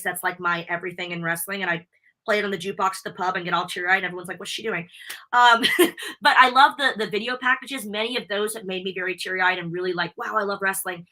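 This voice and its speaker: A young American woman on a live interview podcast, chatting in a bubbly, animated, talkative way. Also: mid-range voice. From United States. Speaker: wrestling interviewer and guest. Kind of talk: casual live interview chat.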